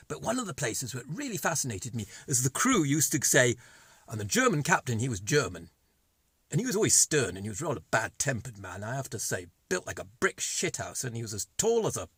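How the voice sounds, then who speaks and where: Wry man, around 60, lively rambling storyteller, dry close sound. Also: a little high, husky, dry recording. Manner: jokey, digressive, wry. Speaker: vlogger.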